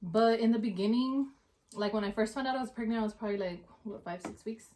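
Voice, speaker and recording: A woman's voice: on the high side, fast, dark tone, slight background noise. Chatty young woman vlogging. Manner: chatty, full of "like" fillers. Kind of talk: casual chat.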